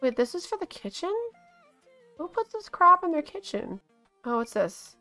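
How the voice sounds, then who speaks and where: A woman hosting a casual game video, gushing and excitable, often gasping and laughing as she talks. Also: high-pitched, normal speed, faint music behind. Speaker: gaming channel host.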